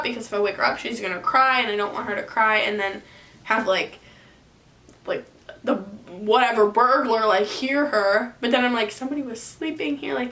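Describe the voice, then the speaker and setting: Animated young woman telling a story. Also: on the high side, slight background noise. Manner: animated, frequent "like" fillers. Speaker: vlogger telling a personal story. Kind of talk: casual storytime. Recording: echoey room, distant mic, faint ambience.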